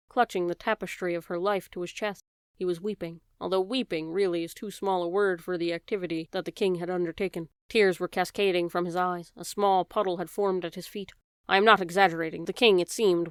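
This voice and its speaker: A woman's voice: on the low side, clear, resonant tone, no echo, studio quality. A woman narrating a children's audiobook, telling the story and speaking directly to the reader.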